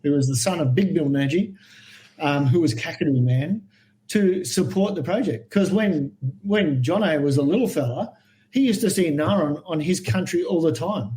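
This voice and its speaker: An Australian man telling animated stories as a guest in a podcast interview, acting out the voices of people he quotes. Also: a little high, normal speed, poor audio. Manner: animated anecdotal storyteller, acts out quoted voices. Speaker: guest herpetologist.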